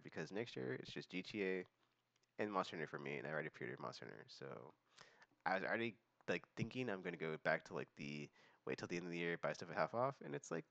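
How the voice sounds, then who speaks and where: A young man chatting on his own vlog, his low voice gravelly and full of swings in pitch. He rambles through fillers and restarts. The sound is dry and a bit dull, like a cheap home mic. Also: fairly bright tone, dry recording. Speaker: vlog host. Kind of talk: casual monthly chat vlog.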